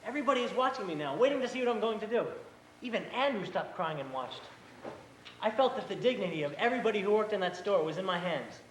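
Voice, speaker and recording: A young man whose voice sits high talks fast while playing an earnest, hot-headed brother of eighteen in a school stage play. He recounts a story with indignant animation, imitating his boss, in an echoey auditorium with a faint hiss.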